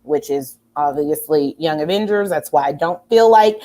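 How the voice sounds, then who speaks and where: A woman's voice: low-pitched, moderate pace, dark tone. A woman hosting a casual pop culture chat, enthusiastic and rambling, with many fillers and restarts. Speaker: host.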